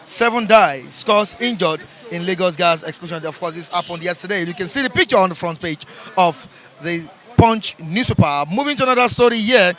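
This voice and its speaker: A man's voice: sits high, a bit bright. Man reading out newspaper headlines. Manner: reads each headline twice, slow and emphatic. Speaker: newspaper review presenter. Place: outdoors in a city.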